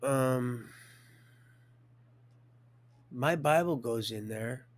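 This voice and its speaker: A man's voice: medium pitch, drawn-out words. A man in his fifties telling his life story on a live stream, rambling, stopping and restarting, and chuckling often.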